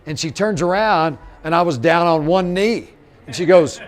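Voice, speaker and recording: Lively male motivational speaker, slightly high voice. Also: normal speed. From Missouri, USA. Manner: animated storyteller, acts out quotes, addresses the audience directly. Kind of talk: live motivational talk with storytelling.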